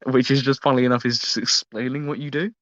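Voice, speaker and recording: A man hosting a casual podcast interview, speaking haltingly with many fillers and ending his points with "right?". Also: mid-range voice, steady tone, fairly bright tone, no room sound. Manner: halting, filler-heavy, tags lines with "right?". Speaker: podcast host. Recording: dry, dull lo-fi mic.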